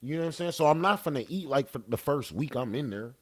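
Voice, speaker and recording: A man's voice: medium pitch, lively intonation, fast talker. A young man telling a story casually as a podcast guest, laid-back and profane, often tagging lines with "you know what I'm saying.".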